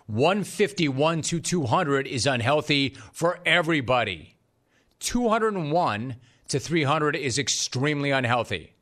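Animated, sarcastic male sports host. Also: mid-range voice. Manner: animated, sarcastic, jokey asides. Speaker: sports talk show host. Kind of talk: energetic monologue. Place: studio.

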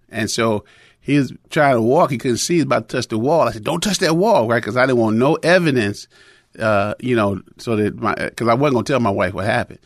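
A man's voice: lowish voice, vocal fry, no echo, clean studio sound. A middle-aged man preaching in a conversational sermon, telling a personal story with many fillers and restarts.

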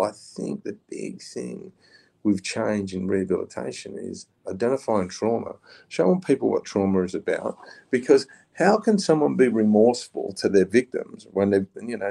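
A middle-aged Australian former prisoner, appearing as a podcast guest, talks in a casual interview in a low, gravelly, warm voice. He's blunt and plain-spoken, swears now and then, and says "mate."

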